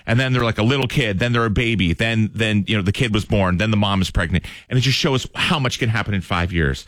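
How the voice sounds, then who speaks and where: A man's voice: fairly low pitch, fast, fairly bright tone, no echo, studio quality. A man in his twenties hosting a radio show, chatting and telling stories with some emotion. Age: 20s. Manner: chatty, storytelling, a bit choked up. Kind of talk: casual radio chat.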